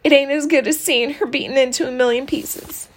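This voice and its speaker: A piercing, whiny little country girl who shrieks and sobs her demands, pitched high above an ordinary speaking voice, as a woman reading the story puts her on. She is a small first grader who is loud, stubborn and quick to tears. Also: fairly even intonation, slight background noise, natural voice. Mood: pleading. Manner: shrill, sobbing country-kid talk.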